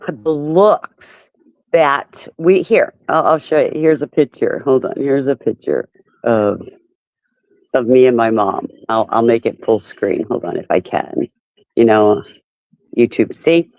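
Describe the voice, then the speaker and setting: A woman's voice: extremely low pitch, takes it slowly, a little mellow, no room sound. A woman in her fifties hosting a live stream, chatting casually and laughing often. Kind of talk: casual chat.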